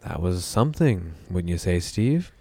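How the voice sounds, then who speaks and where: A man's voice: deep voice, big pitch swings, unhurried, vocal fry, warm tone, no room sound. A man hosting a radio show in the studio, joking with his co-host and talking to listeners. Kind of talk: casual radio banter.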